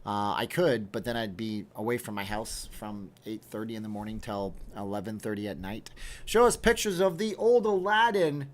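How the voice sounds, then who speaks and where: A man's voice: fairly low pitch, steady tone, normal speed. A man hosting a casual livestream from home, reading viewer comments aloud and answering them with wry, joking asides. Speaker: livestream host.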